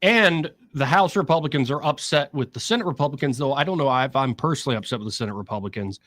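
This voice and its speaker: A man's voice: medium pitch, fast talker. A man hosting talk radio, explaining politics and mimicking what others say. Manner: explanatory, quotes others in an animated voice. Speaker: radio talk show host.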